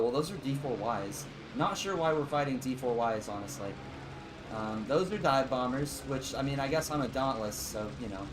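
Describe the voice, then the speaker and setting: A man's voice: medium pitch, noisy background. Rambling, joking streamer man. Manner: rambling, joking asides, chats with viewers. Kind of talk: casual live gameplay commentary.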